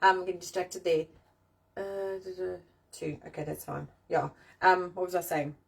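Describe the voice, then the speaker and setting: Her lowish voice is gravelly and husky, moving at a moderate pace and sounding distant from the microphone. She's a middle-aged woman hosting a live-stream chat out in the rain, bluntly swearing as she rants and cracks jokes.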